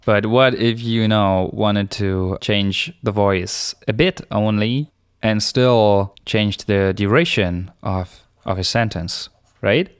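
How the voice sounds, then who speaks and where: A man walks through a software tutorial at an unhurried pace, his voice smooth and clear. He explains each step casually, without a script. The sound is close and dry, with no room around it. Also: fairly low pitch, dry recording. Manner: relaxed, explanatory, unscripted with fillers. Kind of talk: screencast tutorial narration.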